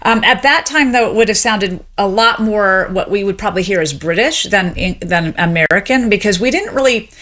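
Middle-aged woman, academic interview guest, articulate and animated in her explanations. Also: medium pitch, normal speed, hardly any pauses. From Memphis, Tennessee. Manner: articulate, explanatory, lively emphasis. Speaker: sociolinguist guest. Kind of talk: radio interview.

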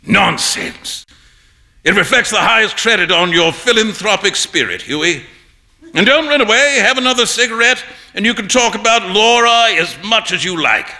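An actor playing a boisterous, jovial man-about-town painter who shouts and laughs as he teases his friend. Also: high voice, lively intonation, moderate pace, voice pushed up, full character voice. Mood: jovial, teasing. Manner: loud, laughing, teasing.

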